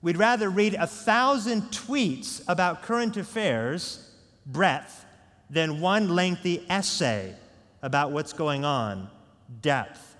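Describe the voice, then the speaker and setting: Slow-preaching man in a big hall. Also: a little high, sing-song, fairly bright tone. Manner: earnest, measured preaching with prayer. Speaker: pastor. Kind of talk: sermon. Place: large church sanctuary. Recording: long hall reverb.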